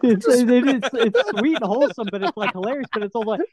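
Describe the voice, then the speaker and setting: A man's voice: very high voice, expressive, fast talker, a crowd in the background. A man casually and enthusiastically retelling film scenes, rambling with restarts.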